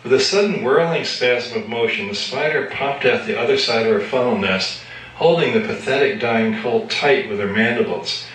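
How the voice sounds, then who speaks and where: A man reading his own fiction aloud at a live event, in a measured, matter-of-fact way. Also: mid-range voice, a bit bright, recorded from a distance, a little hiss or hum. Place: live reading at an evening gathering. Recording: echoey room from afar.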